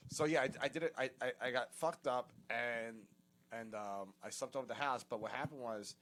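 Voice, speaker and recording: A man's voice: mid-range voice, moderate pace, fairly bright tone. Rambling, profane male storyteller. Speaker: comedian podcast co-host. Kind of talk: casual storytelling chat.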